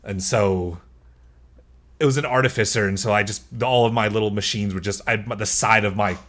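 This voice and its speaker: A man with a slightly low voice talks as a guest on a casual podcast. He rambles through his thoughts and laughs often in the middle of sentences. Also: steady tone, brisk, fairly bright tone. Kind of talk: casual chat.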